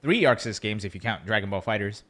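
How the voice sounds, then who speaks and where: A man's voice: lowish voice, lively intonation, quick pace, fairly bright tone. A man co-hosting a casual podcast, chatty and joking, rambling with fillers. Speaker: co-host.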